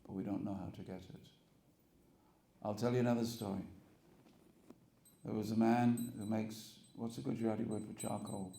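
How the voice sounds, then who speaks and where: A man's voice: lowish voice, normal speed, gravelly, pauses often, echoey room, slight background noise. A man preaching to a congregation, telling stories and acting out the characters. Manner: animated storyteller acting out characters. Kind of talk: storytelling sermon. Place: temple hall with audience.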